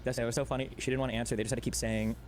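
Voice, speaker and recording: A man's voice: medium pitch, flat delivery, darkish tone, slight background noise. A man casually recounting a court hearing, amused, with lots of "like" and "um". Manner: rapid, amused storytelling with fillers. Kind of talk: casual chat.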